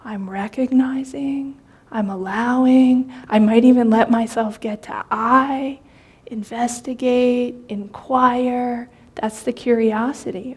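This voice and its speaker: A woman meditation teacher speaks in a fairly high, mellow voice with a soft, breathy edge. She gives a dharma talk in a gentle, conversational way, often pausing on fillers and restarting her sentences.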